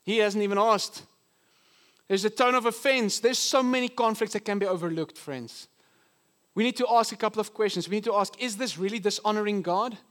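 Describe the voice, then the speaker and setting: A male pastor preaching a sermon in an earnest, teaching manner, often slowing down to stress a point. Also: high voice, fairly bright tone. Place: church.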